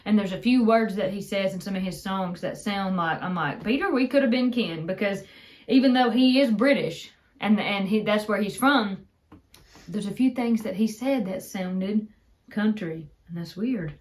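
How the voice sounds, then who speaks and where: Lively woman with a mountain accent. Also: mid-range voice, normal speed. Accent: Appalachian mountain. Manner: animated, jokes and does voices. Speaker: co-host. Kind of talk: casual chat.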